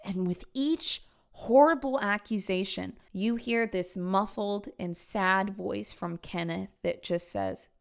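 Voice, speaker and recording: A woman's voice: mid-range voice, slow, clear, resonant tone. A woman hosting a true crime show, telling the story in an emphatic, conversational and opinionated way. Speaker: host.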